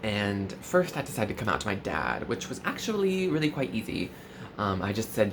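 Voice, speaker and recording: A young man talking straight to the camera in a mock-earnest, confessional tone. He leans on valley-girl fillers and his pitch jumps up sharply, while faint noise sits behind him in a small room. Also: wildly swooping pitch, brisk. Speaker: comedy vlogger. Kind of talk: parody confessional vlog.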